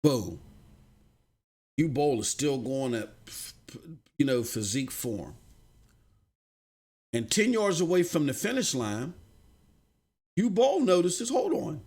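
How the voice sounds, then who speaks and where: A man hosting a gaming news live stream, ranting casually with slang, swinging from low muttering to shouting. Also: lively intonation, takes it slowly, long pauses, breathy edge.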